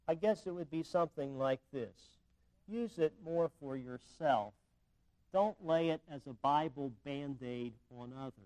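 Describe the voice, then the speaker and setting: A man's voice: on the high side, a little mellow, dull audio. A man preaching a sermon, explaining a Bible text with emphatic, repeated phrasing.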